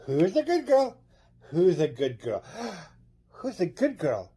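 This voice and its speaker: A man's voice: high-pitched, huge pitch swings, takes it slowly, mellow, husky, full character voice. A man voicing a doting pet owner who coos at a dog in a sing-song way. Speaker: caller.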